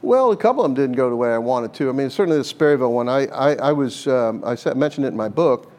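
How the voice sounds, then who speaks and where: A man's voice: medium pitch, animated, quick pace, a little mellow. An older man, a former hostage negotiator, answers interview questions in an earnest, conversational way, repeating words as he thinks and laughing now and then.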